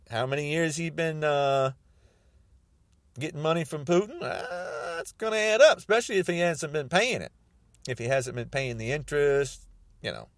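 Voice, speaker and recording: A man's voice: on the high side, no echo. A man podcasting a ranting political monologue, mocking and repeating himself.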